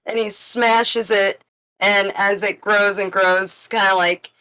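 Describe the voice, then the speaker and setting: A woman playing a tabletop game, describing her character's actions in an unhurried way. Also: mid-range voice, fairly even intonation, sharp tone, clear, resonant tone, low-quality recording. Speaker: player.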